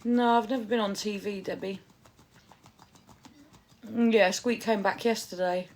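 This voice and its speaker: A woman's voice: medium pitch, fairly even intonation, unhurried, darkish tone. A woman, a livestreamer and new mother, chatting casually and affectionately with her viewers from home while reading out their messages.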